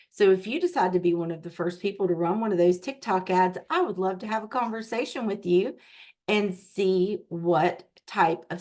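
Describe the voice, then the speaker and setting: This woman, a tech coach with a mid-range voice, guides a live online training via video call. She takes her time explaining and regularly checks in with participants.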